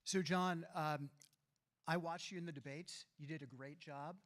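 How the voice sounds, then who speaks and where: Interviewer guy, kinda higher voice, easygoing questions on stage. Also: steady tone, normal speed, fairly bright tone. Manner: friendly, conversational questions. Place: conference stage.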